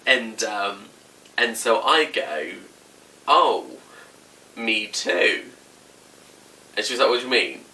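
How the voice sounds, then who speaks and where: A man's voice: lowish voice, lively intonation, slow, long pauses, pushed and bright. A young man casually telling a personal story to camera as a vlogger, full of "like" and acted-out quotes. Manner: chatty, lots of "like", acts out quotes. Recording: slightly distant mic, faint room noise.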